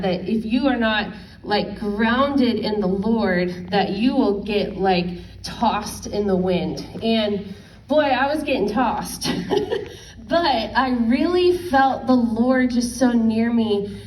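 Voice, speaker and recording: A woman in her thirties gives a personal faith testimony in a mellow, warm voice. She talks earnestly and haltingly, circling back and restarting her sentences. The mic sits some way off in a roomy, echoing space. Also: on the high side, far from the mic, a little hiss or hum. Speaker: worship leader.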